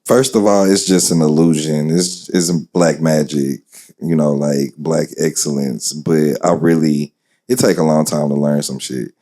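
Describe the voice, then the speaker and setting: Laid-back deep-voiced man poet. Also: fairly even intonation, unhurried, warm tone. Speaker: poet giving feedback at an open mic. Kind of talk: casual feedback.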